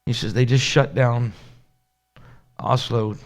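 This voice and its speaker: A man's voice: medium pitch, fairly even intonation, slow. A man, a pastor, telling a personal story in a conversational sermon, acting out the dialogue and laughing now and then. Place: church.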